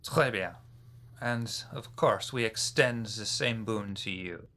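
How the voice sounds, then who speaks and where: A man acting as game master, voicing a courteous, sly hooded vampire with a raspy put-on French accent in a live-streamed tabletop game. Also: fairly low pitch, takes it slowly, sharp tone, heavily acted. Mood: courtly. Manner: formal and gracious, ends remarks with a teasing "huh?".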